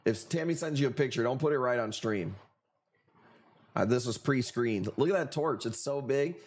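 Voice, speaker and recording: A man in mid pitch runs a live sales stream, swearing freely and cracking jokes between bids. His talk rambles loosely from price calls into teasing banter with the chat. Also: moderate pace. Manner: profane, joking, rambling banter with viewers. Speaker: livestream coral auction host.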